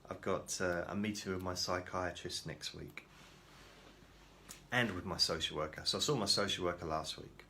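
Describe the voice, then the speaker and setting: Low-voiced man rambling to camera. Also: normal speed, sharp tone, a little hiss or hum. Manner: rambling, self-deprecating, many restarts. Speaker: vlogger. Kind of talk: casual rambling monologue.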